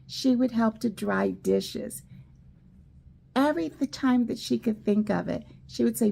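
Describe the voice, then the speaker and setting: A woman teaching a children's church school lesson, telling stories slowly and acting out the quoted lines. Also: fairly high pitch, vocal fry, slight background noise. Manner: slow, animated storytelling with quoted voices. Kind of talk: children's Bible lesson storytelling.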